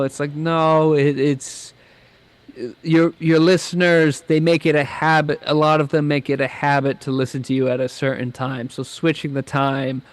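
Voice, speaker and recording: A man's voice: a little high, clear, resonant tone. A man chatting as a guest, rambling with lots of restarts and blunt, profane asides. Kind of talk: casual chat.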